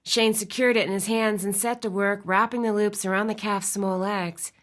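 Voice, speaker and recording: A woman's voice: mid-range voice, steady tone, normal speed. Woman narrating a romance audiobook. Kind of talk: scripted narration.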